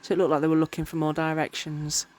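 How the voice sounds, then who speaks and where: A woman's voice: deep voice, monotone, quick pace, a little mellow. A tired woman chatting casually while crafting, rambling and often tripping over her words. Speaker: miniature crafter. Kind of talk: casual crafting vlog narration.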